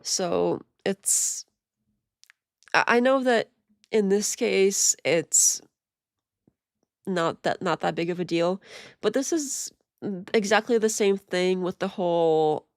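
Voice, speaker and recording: A woman's voice: medium pitch, expressive, slow, pauses often, no room sound, clean studio sound. A woman streamer giving casual, rambling commentary while reacting to a video, exasperated and prone to restarts.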